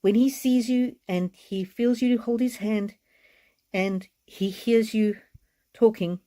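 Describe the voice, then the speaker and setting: Female card reader on a live stream; mellow, heartfelt, slightly tearful delivery. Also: a little high, fairly even intonation, slow pace. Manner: gentle, repetitive, heartfelt.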